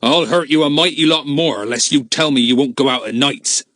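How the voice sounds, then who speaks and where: A man's voice: on the low side, sing-song, fairly bright tone, slightly rough, no room sound, studio quality, full character voice. A man doing a cruel, growling brute. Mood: menacing. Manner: growling, slow menacing drawl. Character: threatening burly grown man, cruel and spiteful.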